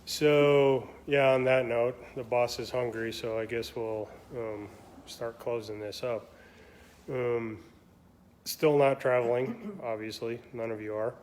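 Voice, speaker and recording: A man talks casually on his weekly live stream, loose and rambling, often stopping to hunt for words. His delivery is slow and fairly monotone. A faint hum of room noise sits behind him. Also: mid-range voice. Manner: relaxed, rambling, many ums. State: has the hiccups. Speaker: shop owner hosting a weekly live stream.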